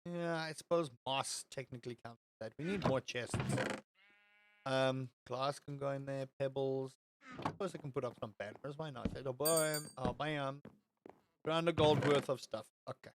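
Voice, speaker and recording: A man's voice: medium pitch, moderate pace, background noise. A young man streaming a game and chatting loosely to his viewers, often restarting and repeating words and swearing. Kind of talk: casual live-stream chat while gaming.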